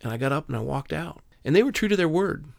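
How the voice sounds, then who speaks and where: Fast-talking earnest man telling his story. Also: a little high, expressive, vocal fry, no room sound, studio quality. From Southern California. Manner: earnest storyteller, quotes dialogue. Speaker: guest. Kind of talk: personal testimony in an interview.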